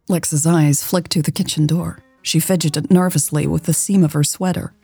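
A woman narrating a romance story in a steady, scripted way. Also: sits low, moderate pace, gravelly, husky, dry recording, faint music behind. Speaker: audiobook narrator.

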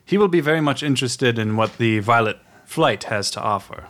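A man's voice: mid-range voice, lively intonation, a little fast, a bit bright, natural voice. A man voicing a pompous, theatrical male traveler in a tabletop game, speaking in a grand, soothing manner.

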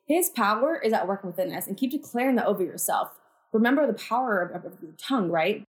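A woman's voice: medium pitch, lively intonation, fast. A woman hosting a podcast, talking to her listeners about faith in a chatty, earnest way, full of "like" and "you guys", and declaring things with conviction. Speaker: podcast host. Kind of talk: casual faith talk to listeners.

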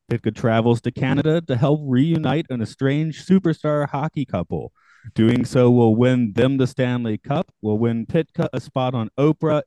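Mellow guy reading a plot summary on a podcast, mid pitch. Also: dry recording, low-quality recording. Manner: measured, reads a plot summary. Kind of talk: casual chat and read-out summary.

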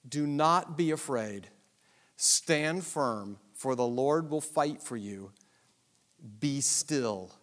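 A man preaching a Bible lesson, animated and self-deprecating, asking the audience many rhetorical questions. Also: a little high. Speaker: pastor. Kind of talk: sermon-style Bible teaching.

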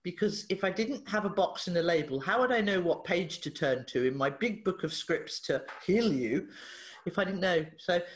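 A woman, a therapist guest on a podcast, telling a story in a lively way, acting out the dialogue and laughing often. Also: fairly low pitch, moderate pace. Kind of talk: animated storytelling in an interview. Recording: echoey room.

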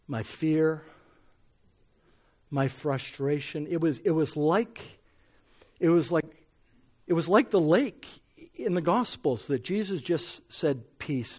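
A middle-aged man delivers a sermon in an earnest, personal tone. His voice sits a little high, and he presses into strong, measured emphasis on key phrases. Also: a little mellow. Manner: earnest, rising to emphatic when reading scripture. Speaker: preacher.

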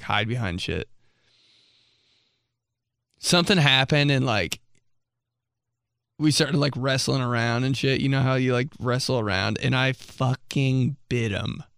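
Gravelly young man telling stories. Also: medium pitch, moderate pace, pauses often, a bit bright, dry recording, clean studio sound. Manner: rambling, many "like"s, laughs often, swears freely. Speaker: podcast host. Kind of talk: casual storytelling monologue.

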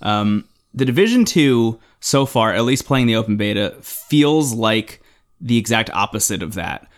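A man's voice: lowish voice, very animated, measured pace. A man co-hosting a podcast, chatting casually and rambling with lots of fillers and the odd swear. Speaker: podcast co-host. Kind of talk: casual chat.

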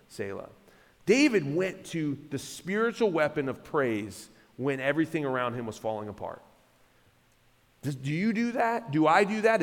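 A man's voice: sits high, in a large hall. A male pastor preaching a sermon in a church, emphatic, often repeating words and restarting phrases. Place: church sanctuary.

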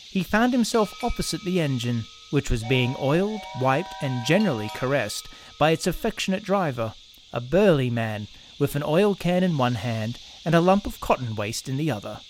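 Animated male storyteller. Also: mid-range voice, a little hiss or hum. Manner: expressive, animated reading. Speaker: narrator. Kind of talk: storybook narration.

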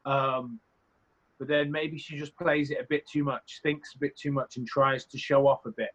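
A man's voice: medium pitch, fairly even intonation, moderate pace, fairly bright tone. A young man guesting on an interview, talking casually, rambling and candid with some swearing. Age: young adult. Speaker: reality competition contestant, guest. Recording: slightly muffled lo-fi audio.

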